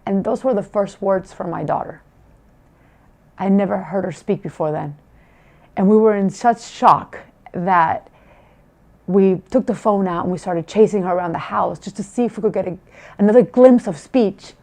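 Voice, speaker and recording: A woman's voice: medium pitch, normal speed, gravelly, warm tone. Heartfelt woman telling a family story. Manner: emotional, heartfelt, with many restarts. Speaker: parent giving a testimonial. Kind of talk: personal testimonial storytelling.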